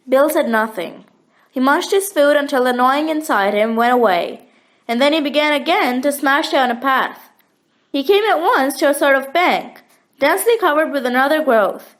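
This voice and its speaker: A woman narrating a children's chapter book in a gentle, expressive storytelling manner. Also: high-pitched. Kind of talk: audiobook reading of a children's story.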